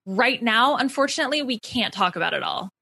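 Bright, chatty woman co-host. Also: fairly high pitch, lively intonation, a little fast, creaky, breathy edge, no room sound. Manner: chatty, laughs often, says "like" a lot. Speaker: podcast co-host. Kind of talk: casual recap chat.

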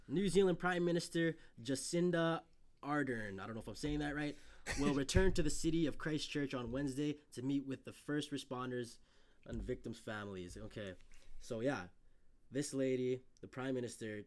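On a casual podcast, a male co-host reads news headlines aloud and then riffs on them with loose, profane talk. His voice is mid-range and his speed normal.

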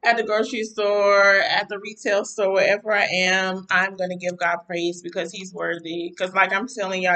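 A woman minister preaches a devotional talk to her listeners, piling up fervent, repeated phrases of praise. Her voice has a bright, forceful edge, though it carries a tired, worn-down weariness. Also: mid-range voice, fairly even intonation, normal speed, far from the mic, rough recording. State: mentally weary, tired-sounding voice. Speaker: minister and podcast host. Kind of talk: devotional talk to a live audience.

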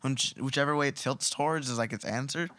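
Young man explaining ideas, bright tone. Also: mid-range voice, dry recording. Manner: measured, explains ideas step by step. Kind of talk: casual podcast chat.

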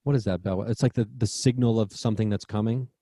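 A man's voice: on the low side, fairly even intonation, fast, mellow, no echo. A man co-hosting a podcast in casual chat, rambling and searching for words. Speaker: podcast co-host. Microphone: remote call mic.

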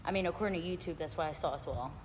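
Woman, co-host, casual chat, giggly, excitable, long reverb, clear background noise. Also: lowish voice, rapid-fire.

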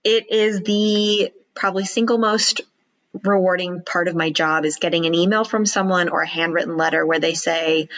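A woman public speaking coach chatting in an interview, slipping into quick acted-out inner voices to make her point. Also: on the low side, fairly even intonation, fairly bright tone, rough recording. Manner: acts out worried inner voices in quick asides. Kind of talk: podcast interview chat.

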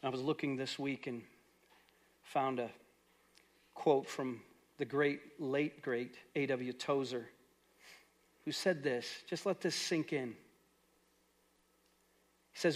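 A middle-aged man preaching a sermon as pastor, moving between loud, earnest exhortation and soft, quiet prayer. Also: mid-range voice, slow, long pauses.

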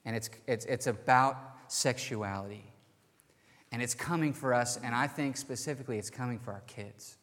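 A man preaching a sermon as pastor, telling stories in a lively, casual, conversational way. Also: mid-range voice, in a large hall. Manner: energetic storytelling, casual and conversational.

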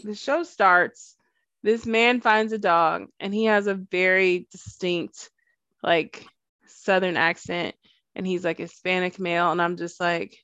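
A woman's voice: on the low side, fairly even intonation, measured pace, a bit bright, clean tone, no echo, dull audio. A woman co-hosting a podcast in casual chat, talking freely, laughing often and acting out what people said. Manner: chatty, laughs often, acts out quotes. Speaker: podcast co-host.

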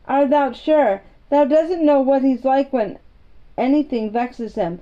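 In a storybook reading, a woman voices an anxious, excitable young housemaid girl, speaking in dialect with fretful exclamations. Her voice is high-pitched and unhurried, and the recording has its highs cut off.

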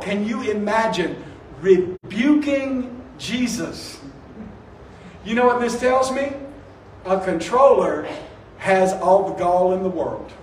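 A man, a pastor, preaching an animated sermon and acting out quotes with rising emphasis. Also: high-pitched, echoey room, distant mic, a little hiss or hum, low-quality recording. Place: church sanctuary.

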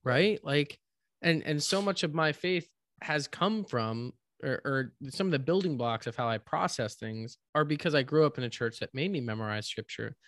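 A man's voice: medium pitch, normal speed, fairly bright tone, no echo. A man co-hosting a faith podcast, reflective, building his points with pointed questions. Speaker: podcast co-host. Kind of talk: casual faith podcast chat.

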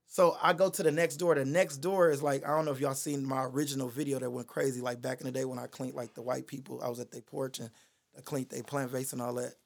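A man in his thirties, a guest comedian, telling a lively slangy anecdote and laughing as he goes. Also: medium pitch, fast talker, creaky. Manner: lively storyteller, slangy, laughs mid-story. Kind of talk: animated anecdote in a podcast chat.

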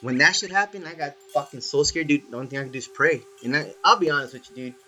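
A man's voice: fairly high pitch, fast talker, faint music behind. A man telling a story in casual chat, swearing freely and saying "dude" all the time. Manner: swears a lot, animated, says "dude" often.

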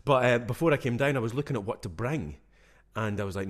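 A man in his forties co-hosting a podcast in casual chat, laughing often, recorded in a room with high ceilings. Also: animated, quick pace. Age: 40s. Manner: laughs often, chatty and self-mocking. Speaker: podcast co-host. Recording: echoey room.

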